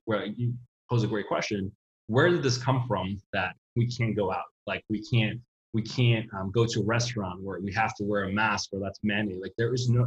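Man, lowish voice, rambling casual talker, echoey muffled room. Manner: rambling, many fillers and restarts. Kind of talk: casual political talk. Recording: roomy, dull lo-fi sound.

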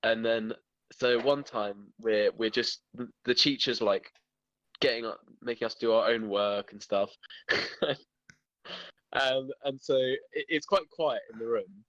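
A man's voice: mid-range voice, measured pace, no room sound, highs cut off. A young man casually telling a funny school story among friends, laughing often. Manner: animated, laughing through his stories. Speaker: guest.

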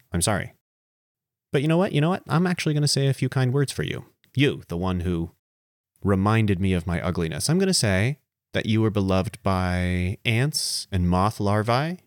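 A man hosting a podcast, speaking a casual eulogy to his plants. He rambles playfully, makes fun of himself, and swings between animated outbursts and quiet murmurs. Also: sits low, no echo, studio quality. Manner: playful and rambling, with self-mocking asides. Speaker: podcast host.

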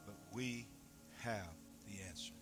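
A man preaching a sermon, dropping soft then shouting loudly. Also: lowish voice, unhurried, over music. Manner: animated, swings from soft to shouting. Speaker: pastor.

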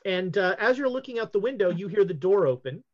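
A game master narrating a tabletop game scene, halting with many fillers and restarts. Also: mid-range voice, animated, darkish tone, highs cut off.

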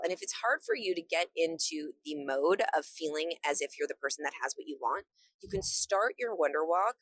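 A young woman hosts a motivational podcast, full of breezy enthusiasm and encouragement. Her voice sits a little low for a woman. The recording is dry and close, with no room sound. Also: no room sound. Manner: enthusiastic, breezy and encouraging, acts out excited quotes. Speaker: podcast host.

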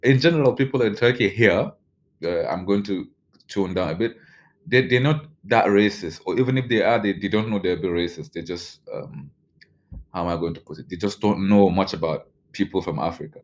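A man's voice: deep voice, brisk. A young man with a Nigerian accent, a journalist, recounting his experiences casually with lots of "like" and restarts. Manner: loose, full of "like" and restarts. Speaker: journalist interviewee. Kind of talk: casual personal storytelling.

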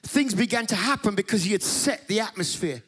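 A man preaching a Pentecostal-style sermon to a conference audience, impassioned, sometimes shouting and half-singing his phrases. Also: high-pitched, expressive, brisk, breathy edge. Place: conference hall.

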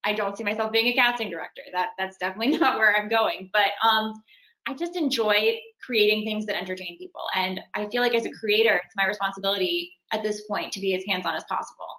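A young woman talks about her acting life in a relaxed interview, lively and quick to laugh. Her voice is bright and forward. The room around her rings with echo. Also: medium pitch. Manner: chatty and animated, laughs while talking. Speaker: actress and singer. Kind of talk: casual interview.

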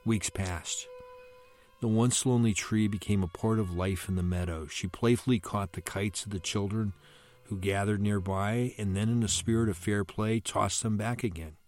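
A male priest reading a story aloud in a measured way on a podcast. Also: lowish voice, steady tone, darkish tone.

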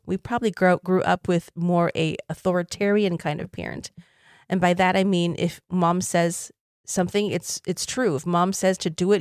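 Podcast host, woman in her fifties, from Taiwan, earnest storyteller, lowish voice, dry close sound. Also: darkish tone, dry recording. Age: 50s. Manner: earnest, reflective, with light laughs. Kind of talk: personal storytelling.

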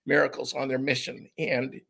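A man's voice: medium pitch, monotone, moderate pace, sharp tone. A man speaking as an interview guest, recalling personal experiences in an earnest, reflective way. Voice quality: gravelly, husky. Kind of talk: conversational interview.

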